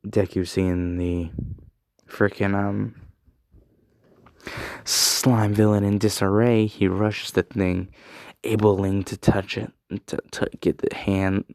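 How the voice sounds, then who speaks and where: A man's voice: lowish voice, a little mellow, no room sound. Casual young guy storyteller, loose and profane, very dry close sound. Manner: rambling, swearing, many fillers. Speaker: fan storyteller. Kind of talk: casual spoken fan story.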